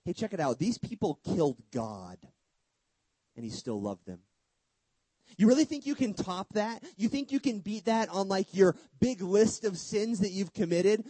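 A man preaching a sermon with emphatic delivery, rhetorical questions, sudden hushed drops and casual humorous asides. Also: sits high, very animated, normal speed, breathy edge, dry recording, low-quality recording.

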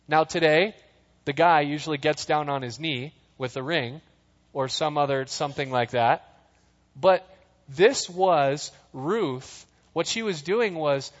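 A man preaching a casual sermon, reading scripture and joking through the story in a chatty way, sometimes acting out the voices. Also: a little high. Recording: dull sound, long hall reverb.

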